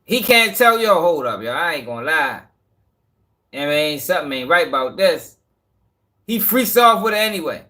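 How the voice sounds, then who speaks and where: A man's voice: a little high, big pitch swings, normal speed, pushed and bright. A man co-hosting a talk show in casual, skeptical commentary. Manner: skeptical, emphatic. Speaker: co-host.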